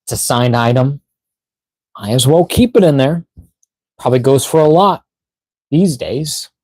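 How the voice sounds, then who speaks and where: Man, mid-pitched, tired, yawning, rambling casual stream chat, dry close sound. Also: animated, unhurried, darkish tone, no echo. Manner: rambling, filler-heavy, reads chat aloud. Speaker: toy unboxing live streamer.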